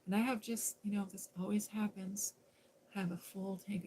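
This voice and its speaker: A woman's voice: medium pitch, steady tone, normal speed, a little mellow, slight background noise, low-quality recording. A woman casually telling a personal story on a live stream, rambling and conversational with lots of fillers and restarts.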